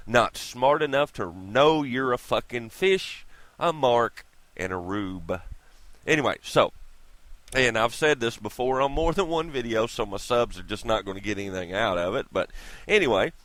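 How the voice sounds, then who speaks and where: A man's voice: medium pitch, fairly bright tone, dry recording. A man ranting in a vlog, irritated, profane and sarcastic, talking close to the mic. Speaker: vlogger. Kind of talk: profane opinion rant.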